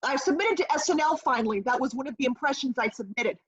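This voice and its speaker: Husky high-voiced woman improvising a comic scene. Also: fast talker. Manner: brash, rambling and deadpan. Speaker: improv performer. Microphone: video call. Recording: dull lo-fi video call audio.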